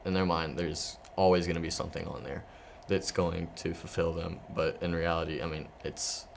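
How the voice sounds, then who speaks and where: A young man, a guest on a youth discussion show, speaking thoughtfully and haltingly, searching for words. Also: low-pitched, little pitch movement, vocal fry, slight background noise. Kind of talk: casual discussion.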